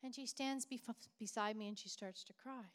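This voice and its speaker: A woman's voice: a little high, normal speed. A middle-aged woman pastor preaching a sermon with fervent, repeated declarations.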